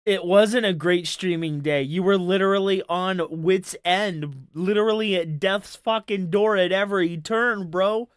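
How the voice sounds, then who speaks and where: A woman's voice: medium pitch, unhurried, few pauses, smooth, no echo, clean studio sound. A woman doing casual reaction commentary over a stream clip, mocking and profane, repeating her jabs.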